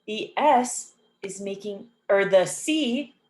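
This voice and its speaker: A woman teaching an English phonics lesson, saying each example word slowly and repeating it clearly and patiently. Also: medium pitch. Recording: echoey room.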